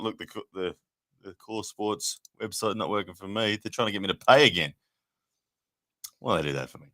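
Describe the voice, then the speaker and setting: A man's voice: deep voice, bright, forceful tone. A man hosting a late-night live watch party stream, chatting casually and thanking viewers, tired. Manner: upbeat, thanks viewers often.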